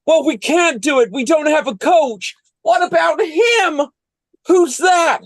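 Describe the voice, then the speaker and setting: A man voicing a rowdy team of young boys on a hockey team, shouting and overexcited, over a video call. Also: very high-pitched, expressive, slow, no room sound, studio quality, pitched above the performer's own voice, heavily acted.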